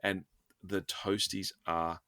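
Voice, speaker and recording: A man's voice: sits low, flat delivery, takes it slowly, pushed and bright, no echo, clean studio sound. An Australian man co-hosting a podcast, chatting casually with jokey, self-deprecating banter. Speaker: podcast co-host. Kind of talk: casual chat.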